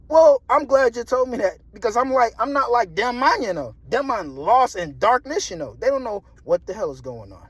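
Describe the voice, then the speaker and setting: A young man with a high voice tells a story straight to the camera, animated and full of slang, repeating himself and breaking into laughs. The sound is close and dry with almost no room in it. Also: moderate pace, hardly any pauses, slightly rough, dry recording. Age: young adult. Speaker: vlogger. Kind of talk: casual storytelling monologue.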